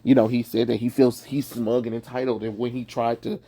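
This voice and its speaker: The voice is a man's, medium in pitch, mellow and husky, delivered flatly and a little quickly on a dry recording. He's a young guy from the suburban Southern US, casually rambling through a film review with plenty of "um"s and laughter.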